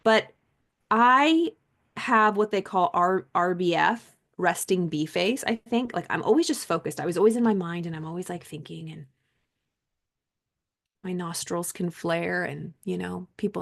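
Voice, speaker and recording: A middle-aged woman host and mindset coach talking casually on a live stream, animated and chatty. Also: lowish voice, moderate pace, creaky. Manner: animated, chatty, acts out quoted people.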